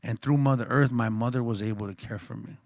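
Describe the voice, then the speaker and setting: Guy on a panel telling his life story, earnest and reflective, casual slang, mid-pitch voice, dry sound. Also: fairly even intonation, fast, a little mellow, dry recording. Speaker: panelist and coffee shop co-owner. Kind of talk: personal storytelling on a conference panel.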